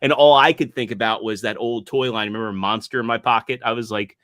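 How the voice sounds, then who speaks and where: A man's voice: fairly low pitch, steady tone, fast, a bit bright, no room sound, clean studio sound. A man in his thirties co-hosting a podcast, chatting casually with lots of asides while watching a documentary. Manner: chatty, full of asides and restarts. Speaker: podcast co-host.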